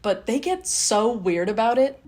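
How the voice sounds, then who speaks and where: A woman's voice: fairly high pitch, expressive, unhurried, darkish tone, faint music behind. A young woman giving a chatty, sarcastic movie recap full of filler words. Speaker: movie reviewer.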